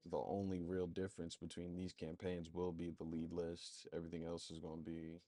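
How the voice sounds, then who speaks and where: A man's voice: low voice, monotone, normal speed, mellow, no room sound, studio quality. A man casually walking through his marketing setup on a screen share, thinking aloud with loose, rambling talk and plenty of fillers. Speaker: marketing agency presenter.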